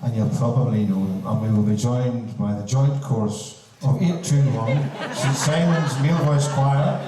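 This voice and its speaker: A man's voice: medium pitch, moderate pace, noisy background. Northern Irish man telling stories, echoey hall. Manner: chatty, humorous, with local turns of phrase. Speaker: band member speaking at a concert. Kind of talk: storytelling to a concert audience. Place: large hall. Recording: echoey hall, taken from far off.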